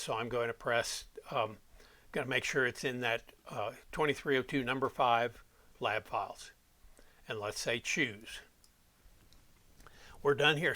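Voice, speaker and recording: In a step-by-step software walkthrough, a male audio production instructor talks as he clicks through the program. His voice is on the high side.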